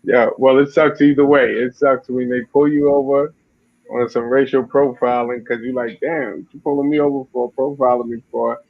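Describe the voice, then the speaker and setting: A man's voice: medium pitch, fairly even intonation, normal speed. A man, talking in a laid-back, slangy way in casual chat. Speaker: podcast co-host. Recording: tinny phone-like line.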